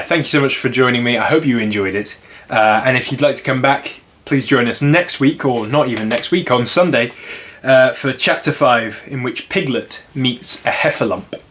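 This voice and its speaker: Relaxed man reading a storybook aloud. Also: medium pitch. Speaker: storybook reader.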